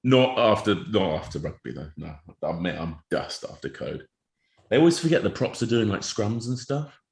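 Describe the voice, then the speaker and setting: A man's voice: fairly low pitch, sing-song, normal speed, vocal fry, roomy sound. A young man who plays prop, chatting casually in a rambling, jokey way with lots of fillers. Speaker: podcast co-host, rugby prop. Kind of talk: casual chat.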